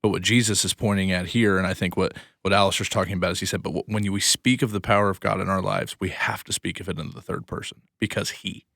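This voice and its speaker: A man with a low voice and a bright, forceful edge co-hosts a church podcast. He agrees readily, laughs often, and shares thoughtful reflections. The sound is dry and close to the mic. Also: fairly even intonation, fast, creaky, few pauses, dry recording. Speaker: podcast co-host, church leader. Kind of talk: casual chat about scripture.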